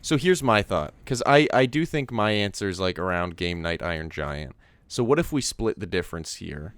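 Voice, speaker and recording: A young man with a lowish, smooth voice talks through a movie podcast. He rambles with plenty of filler words. The sound is dry and close, with no room around it. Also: lively intonation, moderate pace, fairly bright tone, dry recording. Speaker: podcast co-host. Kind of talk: casual chat.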